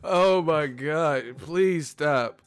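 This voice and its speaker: A man's voice: on the high side, very slow, smooth, soft background music. A man hosting a boxing livestream, talking in a casual, profane, joking way and laughing often. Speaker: boxing YouTuber.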